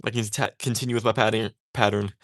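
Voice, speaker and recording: A man's voice: on the low side, level tone, fast, fairly bright tone. A young man talking casually about his craft while he works, chatty and a bit defiant, with many fillers and restarts. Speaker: tatting creator.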